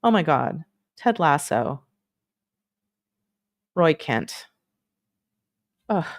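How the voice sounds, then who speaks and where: A woman's voice: low voice, very animated, very slow. A woman hosting a casual livestream, chatting in a rambling, playful way with lots of fillers and asides. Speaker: livestream host.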